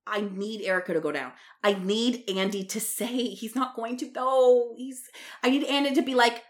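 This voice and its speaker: A woman co-hosting a podcast chats casually but heatedly, swearing freely while recapping and acting out what others said, all worked up from iced coffee. Her voice is on the high side, with fairly even intonation and a moderate pace.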